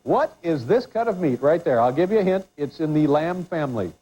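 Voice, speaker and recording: A man's voice: a little high, animated, fairly quick. A man hosting a quiz segment on a talk show, teasing his contestant in rambling, joking banter. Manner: teasing, rambling, with many restarts. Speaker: talk show host running a quiz bit. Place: TV studio with a live audience. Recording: muffled broadcast audio with loud crowd.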